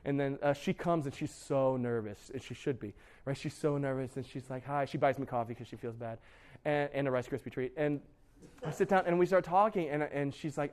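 Young male youth pastor, slightly high voice, chatty and joking sermon style. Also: a little fast. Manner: casual, joking, lively storytelling with many fillers and restarts.

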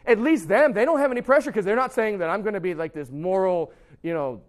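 In a high voice and at a quick clip, a young man preaches a youth sermon conversationally, playing out his students' excuses with animated energy.

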